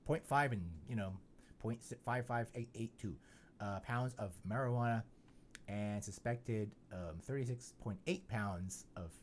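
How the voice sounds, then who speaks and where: A man's voice: on the low side, measured pace, slight background noise. A man hosting a podcast in casual chat, rambling and joking with lots of "you know" fillers. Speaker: podcast host.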